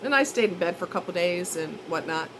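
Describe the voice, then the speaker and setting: A woman's voice: on the low side, lively intonation, fast talker, a little hiss or hum, rough recording. A woman telling a rambling, self-mocking story in a chatty, casual way. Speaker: vlogger.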